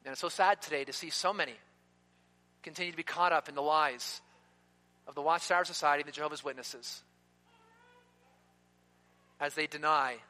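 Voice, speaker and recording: A man preaching a sermon in an emphatic way, slowing down to stress key words. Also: on the high side, sharp tone. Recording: long reverb of a hall.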